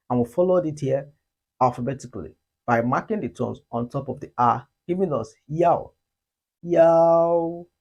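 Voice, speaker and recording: A man teaching pronunciation, speaking slowly and deliberately, calling out model sounds loudly and asking the listener to repeat after him. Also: on the high side, husky, muffled recording. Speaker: language teacher. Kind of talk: pronunciation lesson.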